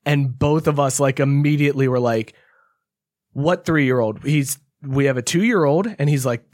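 A man's voice: mid-range voice, moderate pace, a little mellow, no echo, clean studio sound. A man telling a story in casual podcast chat, ranting heatedly with lots of swearing and acting out the people in it. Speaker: podcast co-host.

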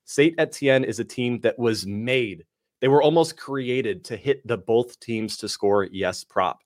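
Dude breaking down soccer bets, dry close mic, rattles off stats confidently. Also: male voice, mid-range voice, no echo. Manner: brisk, stat-heavy, confident picks. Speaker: soccer betting analyst. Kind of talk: sports betting analysis.

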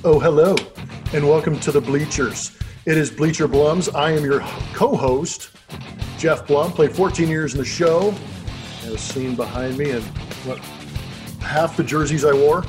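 A man's voice: on the high side, measured pace, music in the background. A middle-aged man co-hosting a sports podcast in loose, rambling, jokey casual chat. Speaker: co-host.

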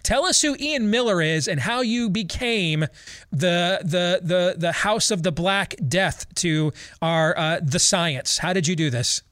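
A man hosting a political talk radio show, joking and sardonic, talking quickly. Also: high-pitched, a bit bright, dry recording, clean studio sound.

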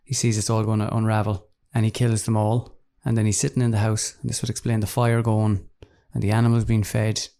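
A man co-hosting a casual true-crime chat, explaining his theory in a steady, matter-of-fact way. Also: fairly low pitch, fairly quick, vocal fry, few pauses. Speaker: podcast co-host.

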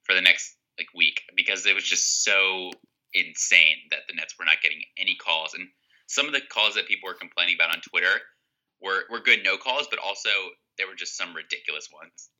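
A man's voice: low voice, brisk, sharp tone, low-quality recording. A young man co-hosting a casual sports podcast, with dry, teasing banter. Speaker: podcast co-host.

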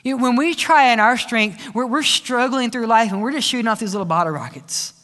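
A man preaching a sermon as pastor, telling stories in a lively way, with playful sound effects and asides. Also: very high-pitched, a little fast. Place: church sanctuary. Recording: church hall reverb.

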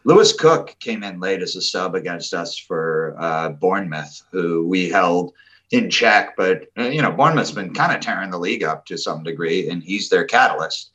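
A man's voice: sits low, animated, moderate pace, fairly bright tone, muffled recording. A man co-hosting a football podcast, chatting casually with many fillers and restarts. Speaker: podcast co-host.

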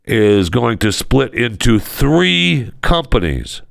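A man's voice: medium pitch, sing-song, slow pace, vocal fry, dry recording, clean studio sound. A man co-hosting a casual comedy podcast, ranting sarcastically and in exasperation. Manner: sarcastic, exasperated, swings into mock voices. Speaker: podcast co-host. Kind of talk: casual comedic talk-show rant.

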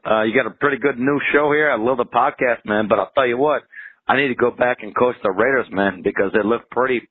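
A man doing a fast, brash impression of a football coach who keeps saying "man," left as a voicemail. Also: medium pitch, husky, lightly acted. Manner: rapid, repeats "man". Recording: voicemail phone line.

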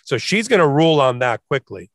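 A man's voice: mid-range voice, fairly quick, dry recording. A man who is a lawyer co-hosting a podcast, giving emphatic legal commentary and acting out the people he quotes. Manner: energetic, emphatic, mimics quoted voices.

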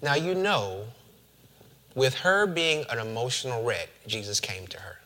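Animated, bright-voiced preacher man. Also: mid-range voice, measured pace. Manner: animated, playful asides to the congregation. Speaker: pastor. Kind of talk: sermon with scripture reading.

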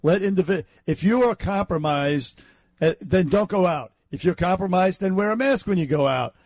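A man with a slightly high voice co-hosts talk radio, agreeing with his partner. He stumbles and restarts often, padding his lines with hesitations. The sound is dry and close. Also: expressive, moderate pace, darkish tone, no room sound. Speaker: radio talk show co-host. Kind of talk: casual talk radio banter.

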